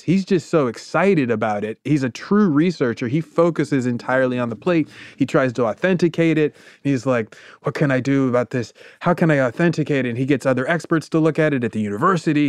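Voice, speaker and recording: A man in a mid-range voice tells a story in a relaxed podcast chat. He keeps the energy up and slips into quick impressions of the characters. The sound is close and dry, with no room around it. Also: medium pitch, no echo. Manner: animated, acts out quotes. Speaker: podcast host.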